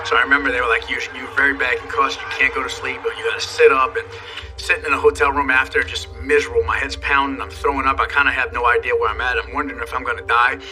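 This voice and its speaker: A man's voice: medium pitch, level tone, fast, recorded from a distance, music in the background. A man, a former wrestler, candidly recounting events in an interview, with blunt profanity. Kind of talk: interview storytelling.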